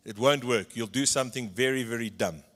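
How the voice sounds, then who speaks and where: A middle-aged man with a South African accent, a pastor preaching a sermon in an animated storytelling way, dropping in Afrikaans phrases. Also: medium pitch, fairly quick.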